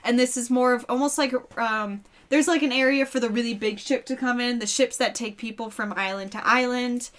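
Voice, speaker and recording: A woman's voice: a little high, fairly even intonation, a little fast, few pauses, fairly bright tone. A young woman narrating as dungeon master, talking casually with lots of fillers. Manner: casual, filler-heavy, giggly. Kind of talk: narrating a tabletop game.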